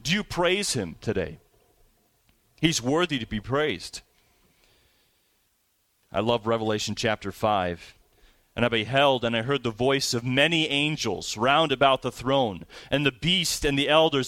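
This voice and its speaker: A man's voice: mid-range voice, lively intonation, fairly bright tone, dry recording. Man preaching with dry close sound. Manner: preaching with rising emphasis and slow drawn-out scripture reading. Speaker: pastor. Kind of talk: sermon.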